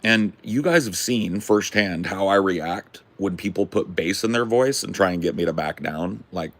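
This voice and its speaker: A man hosting a podcast, telling a rambling story in a casual, profane, animated way. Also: deep voice, moderate pace. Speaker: podcast host.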